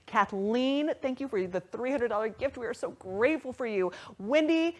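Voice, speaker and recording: A woman hosting a live virtual charity auction, excitedly thanking donors and playfully teasing the audience. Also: medium pitch. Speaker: fundraising auction host.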